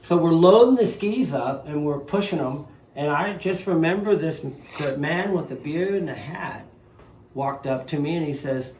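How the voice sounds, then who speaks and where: A retired jet ski racer in his fifties, raised in Nevada and from southern Louisiana, talks at normal speed in a voice on the high side with a Southern US accent. He's the guest in a casual storytelling interview in his living room, animatedly acting out quoted voices. A little hiss or hum joins the faint ambience of the roomy room.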